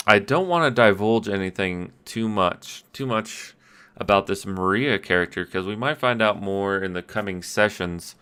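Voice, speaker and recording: Man, game master, casual podcast recap, deep voice, crisp and clear. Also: fairly bright tone. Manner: rambling, self-deprecating, with restarts and quick quoted voices. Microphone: audio-only podcast mic.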